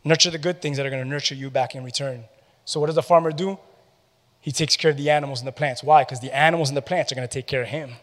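Animated preaching man in a reverberant hall. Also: medium pitch, fast. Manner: animated preaching with call-and-response questions to the congregation. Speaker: pastor. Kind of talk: sermon.

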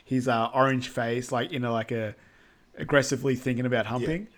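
Male podcast co-host, mid-pitched, rambling casual recap full of fillers. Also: steady tone. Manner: rambling with many fillers and quick asides. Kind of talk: casual film recap chat.

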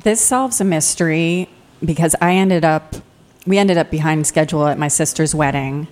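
A woman hosting a podcast, speaking in a relaxed, conversational way. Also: low-pitched, moderate pace. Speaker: podcast host. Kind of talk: casual chat.

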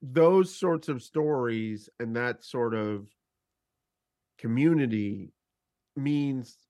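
A man with a mid-pitched voice talks as a guest on a podcast. He speaks in a measured, reflective way. The recording is close and dry. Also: dark tone, dry recording. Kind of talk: casual chat.

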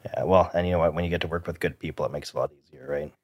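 A man's voice: extremely low pitch, steady tone, racing. A man hosting a casual podcast chat, speaking conversationally and often checking in with his guest. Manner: conversational, ends points with "right?".

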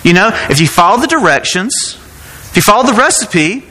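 A man's voice: sits high, sing-song, a little fast, pushed and bright, in a large hall. A man preaching a sermon as pastor, talking in a conversational way and asking rhetorical questions.

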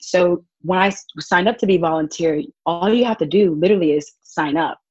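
A woman's voice: lowish voice, brisk, slightly rough, dry recording, dull audio. A young woman, telling stories in a casual interview and acting out what people said. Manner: animated, acts out quotes with laughs. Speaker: guest, volunteer child advocate.

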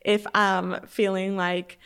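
A woman's voice: medium pitch, flat delivery, slow pace, vocal fry, a bit bright, smooth. A woman co-hosting a casual faith chat, chatty and full of filler words.

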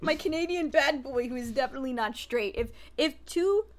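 A woman hosting a podcast, chatting casually and laughing often as she recaps a show. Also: high-pitched. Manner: laughing, animated, quick asides. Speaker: podcast host. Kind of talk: casual chat.

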